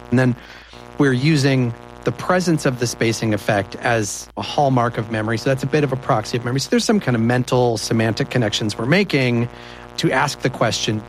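A man hosting a podcast interview, asking questions in a quick, conversational way. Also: mid-range voice, low-quality recording. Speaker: podcast host.

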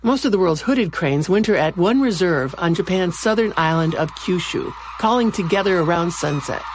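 A woman hosting a radio nature segment, reading a scripted narration in a calm, measured way. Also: lowish voice, background noise. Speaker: radio program host.

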